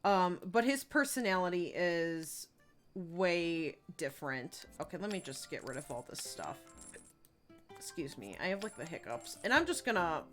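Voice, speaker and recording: With faint music behind her, a young woman chats her way through a life-sim game stream, reading chat aloud and filling the talk with fillers and giggles. Her voice is fairly low and fairly bright, with big pitch swings at a normal speed.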